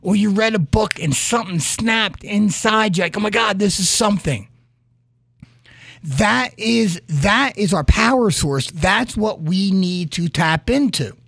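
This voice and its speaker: Gravelly, earnest motivational host. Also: male voice, high voice, expressive, a little slow, hardly any pauses, a bit bright, dry recording, studio quality. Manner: earnest, storytelling, with frequent "right?" asides. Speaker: podcast host. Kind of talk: motivational monologue.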